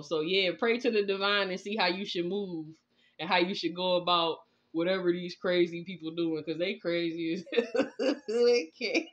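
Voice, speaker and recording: A mid-range woman's voice comes through at normal speed, a bit bright and lo-fi. As a tarot reader in a casual spiritual vlog, she gives a profane, laughing, incredulous rant.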